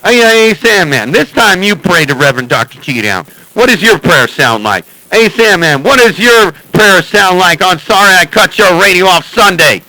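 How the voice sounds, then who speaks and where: A man's voice: high voice, lively intonation, moderate pace, hardly any pauses, bright, forceful tone, slight background noise, poor audio. A man chatting and joking with other operators over CB radio, calling their handles again and again in a teasing way. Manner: teasing, repeats calls like "hey, Sandman". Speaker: CB radio operator streaming live.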